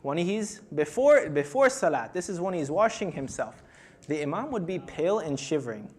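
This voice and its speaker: A young man delivering an emotional religious sermon, retelling a tradition and building to loud, pleading intensity. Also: fairly high pitch, sing-song, normal speed. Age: young adult. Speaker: speaker at a mourning gathering.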